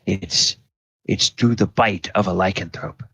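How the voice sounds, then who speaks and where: A man voicing a kindly older priest who speaks in a gentle, reassuring way. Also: deep voice, a little slow, slightly rough, heavily acted. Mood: grave. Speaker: priest character.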